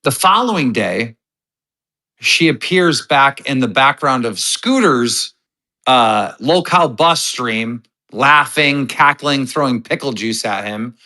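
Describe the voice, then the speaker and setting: A man recapping drama on a livestream. He tells it slowly and emphatically, checking in with asides. His tone is bright and forceful. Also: medium pitch, lively intonation, rough recording. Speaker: show host.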